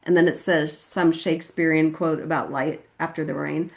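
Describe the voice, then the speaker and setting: A woman's voice: flat delivery, measured pace, creaky. A woman from California sharing her personal recovery story at a meeting, chatty and casual, often saying "like" and acting out quoted voices. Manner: casual and chatty, with frequent "like" and "you know what I mean"; acts out quoted voices with sudden high pitch.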